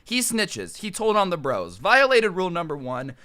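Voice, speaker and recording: A young American man telling a comedic storytime monologue, animated and sarcastic, with quick asides. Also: sits high. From United States. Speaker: storytime YouTuber.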